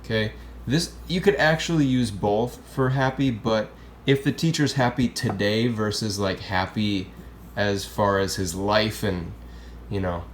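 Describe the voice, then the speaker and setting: A man's voice: on the low side, unhurried, slight background noise. A man who teaches Spanish, explaining grammar in a casual, chatty classroom style and often checking in with "okay?" and "right?".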